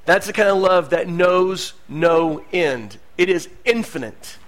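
High-pitched guy preaching, gets quiet then booms. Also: animated, slow pace. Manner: preacherly, swings from hushed to loud emphasis. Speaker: pastor. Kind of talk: sermon.

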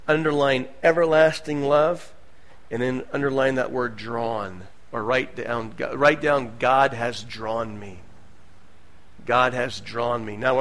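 A man preaching a sermon as pastor, moving between hushed asides and loud, emphatic lines. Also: medium pitch.

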